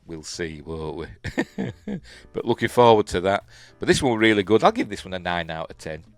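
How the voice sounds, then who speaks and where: A man's voice: sits low, very animated, normal speed, no echo, faint music behind. A man with a Yorkshire accent, hosting a casual solo review, rambling and chuckling, often trailing off into a mumble. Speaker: show host and reviewer.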